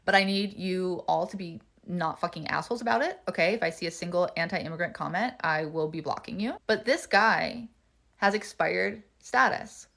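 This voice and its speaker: A woman's voice: on the low side, moderate pace, creaky, fairly bright tone. Woman ranting thru a storytime, fired up, swears a lot, talks to camera. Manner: heated, emphatic retelling with swearing.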